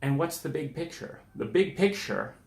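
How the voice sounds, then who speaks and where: A man's voice: fairly high pitch, expressive, normal speed, a little mellow. A man hosting a self-help podcast, talking through examples in a conversational, emphatic way and acting out the people he quotes. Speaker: podcast host. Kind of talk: reflective self-help monologue. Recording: echoey room.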